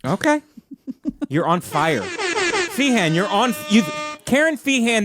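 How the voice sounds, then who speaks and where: Teasing man with a lively, swinging voice. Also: very high-pitched, takes it slowly, long pauses, over music. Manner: teasing, bursts of loud laughter. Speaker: podcast host. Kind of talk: comedic rapid-fire interview.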